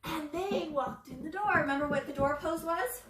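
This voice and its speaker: A young woman teaching preschool yoga through a story, expressive and sing-song, with gasps and whispers, recorded roomy and from far off. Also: high-pitched, normal speed, very noisy. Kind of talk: storytelling yoga lesson for children.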